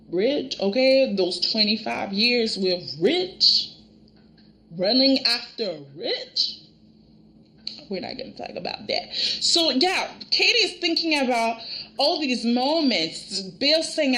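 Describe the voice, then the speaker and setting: A woman with a bright, sharp, fairly high voice gives casual commentary on a soap opera. She talks slowly and with exasperation, tripping over restarts as she picks apart the characters' choices. Her tone is animated and opinionated. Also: rough recording.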